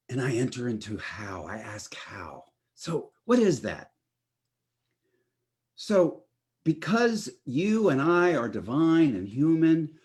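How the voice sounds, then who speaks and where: Unhurried man preaching a lively sermon. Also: medium pitch. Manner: expressive, rising and falling delivery with drawn-out emphasis. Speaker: minister.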